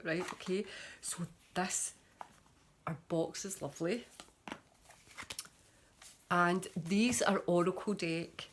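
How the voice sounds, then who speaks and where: A woman with a slightly low-pitched voice talks chattily to her camera in a casual show-and-tell vlog. She gushes as she shows off her tarot cards, with a lot of fillers along the way. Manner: chatty and gushing, with frequent fillers. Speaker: tarot reader.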